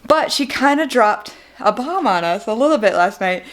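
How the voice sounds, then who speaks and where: A woman's voice: on the high side, animated, normal speed. A young woman giving an emotional vlog update, fighting back tears and laughing nervously as she talks. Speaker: vlogger.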